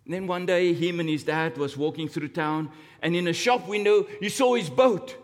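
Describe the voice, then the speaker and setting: A man preaching a sermon, telling a story slowly and dramatically, with big rises and drops in pitch and volume. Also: expressive. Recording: long hall reverb.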